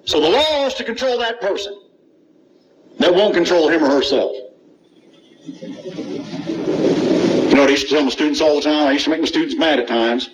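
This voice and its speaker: A man's voice: a little high, expressive, moderate pace, pauses often, slight background noise, poor audio. A middle-aged man, preaching a sermon, reading scripture with emphasis and asking the congregation rhetorical questions.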